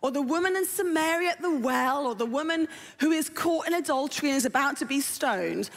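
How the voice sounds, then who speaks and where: A woman's voice: high voice, lively intonation, brisk. A woman preaching a sermon in a conversational way, often putting questions to the congregation. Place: church auditorium. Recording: reverberant church hall.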